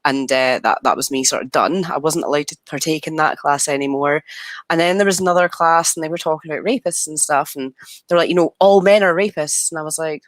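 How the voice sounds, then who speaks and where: A young Scottish woman on a video call, telling her story in animated casual chat and acting out the quoted exchanges. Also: sits low, fast, no echo. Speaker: guest.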